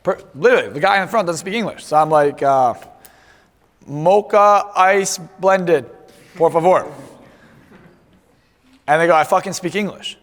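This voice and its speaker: A man's voice: fairly high pitch, animated, fast talker, few pauses. A man speaking as a seminar presenter, telling a brash, profane comic story to a live crowd. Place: large seminar hall. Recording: echoey seminar hall.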